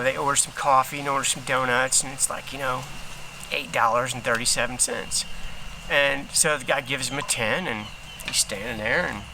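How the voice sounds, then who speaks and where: A man giving a casual motivational talk as a healing coach, telling a story in an animated, slangy way and acting out other people's lines. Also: medium pitch, noisy background.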